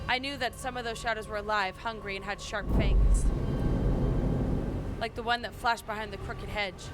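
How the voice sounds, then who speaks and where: A woman streamer reading a game's story aloud dramatically and translating its dialogue, with excited asides. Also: medium pitch, normal speed. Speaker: gaming streamer. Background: loud game music.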